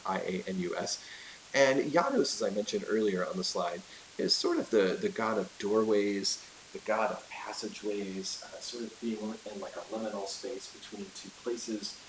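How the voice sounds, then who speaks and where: Low-voiced man teaching casually. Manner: chatty storytelling, many fillers and asides. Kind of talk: casual classroom lecture. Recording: echoey room with hiss.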